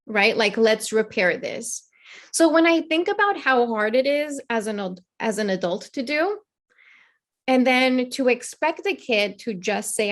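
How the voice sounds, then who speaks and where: A woman's voice: a little high, lively intonation, a little slow. A woman in her thirties, a therapist and mother, talking earnestly and reflectively as a guest in a conversational interview. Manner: earnest, reflective, acts out children's voices in quotes.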